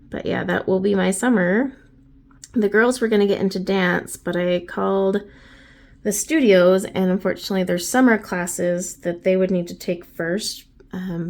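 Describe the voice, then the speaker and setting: A woman's voice: lowish voice, gravelly. A woman in her thirties, a craft YouTuber, chatting casually and rambling with many fillers while she paints, just over bronchitis. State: recovering from bronchitis.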